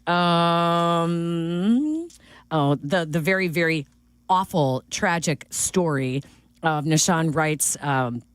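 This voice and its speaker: Woman sports radio co-host, slightly low voice, chatty with restarts, dry studio sound. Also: slow, clear, resonant tone, no room sound. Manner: chatty, animated, with many fillers and restarts. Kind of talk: casual sports talk. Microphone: studio mic.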